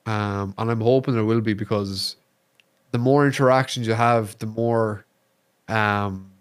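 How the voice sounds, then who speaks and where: An Irish man, a streamer guest on a podcast, chatting casually and telling animated stories, swearing freely. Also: on the low side, a little slow, clean tone. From Ireland. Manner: animated storyteller, swears freely, acts out quotes.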